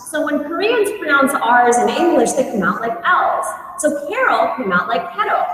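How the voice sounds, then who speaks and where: A young adult woman telling a story on stage to a large audience, animated and acting out the voices of people in the story. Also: high voice, a little hiss or hum. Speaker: conference speaker. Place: large conference hall. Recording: echoey hall, voice from far off.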